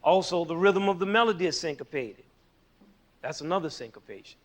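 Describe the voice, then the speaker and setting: A man's voice: a little high, animated, brisk. A man teaching music in a playful, jokey way, teasing his listeners and counting beats aloud. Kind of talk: playful explanatory lesson.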